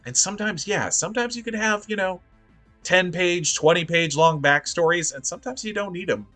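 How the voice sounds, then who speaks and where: A man co-hosting a tabletop game show, talking in an animated, rambling way and laughing often over a video call. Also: high-pitched, brisk, faint music behind. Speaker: podcast co-host. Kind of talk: casual chat.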